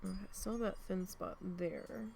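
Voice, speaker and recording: A woman's voice: medium pitch, fairly even intonation, unhurried, creaky, mellow, slight background noise. Chatty, swearing woman telling home stories. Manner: chatty, swears freely, tells stories with sound effects. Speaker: crafting vlogger. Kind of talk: casual chat while needle felting. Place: home, indoors.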